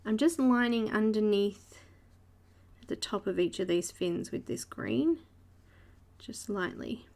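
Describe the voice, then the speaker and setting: A woman's voice: mid-range voice, animated, takes it slowly, creaky, a little mellow. A woman with an Australian accent hosting a live coloring stream, chatting casually while she explains each step and greets viewers by name. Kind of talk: live art tutorial narration.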